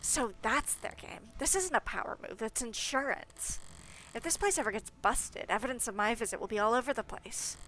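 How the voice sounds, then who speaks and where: A woman's voice: fairly high pitch, moderate pace, a bit bright, a little hiss or hum, close to an everyday voice. A woman reading the inner monologue of a cautious young female investigator in a dry, wry tone. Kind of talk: game narration read aloud.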